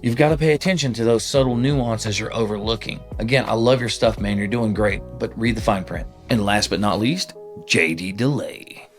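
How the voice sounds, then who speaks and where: Guy hosting a commentary show, talking back at other commentators, chill, says like a lot, music low behind. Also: brisk, few pauses. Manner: casual, rebutting point by point with filler "like". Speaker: show host.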